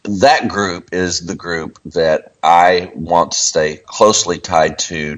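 A man with a very low voice co-hosts a faith talk show. He speaks slowly in a folksy, easygoing way, with frequent chuckles. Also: little pitch movement. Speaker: co-host, ministry leader. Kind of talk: casual radio chat.

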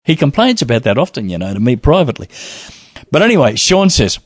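A man in casual conversation, reading out a long listener email and breaking off to joke and laugh. His voice sits at an ordinary middle pitch. The recording is close and dry, with no room sound. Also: big pitch swings, fast, no room sound. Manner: chatty, laughs often, playful asides. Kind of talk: casual chat.

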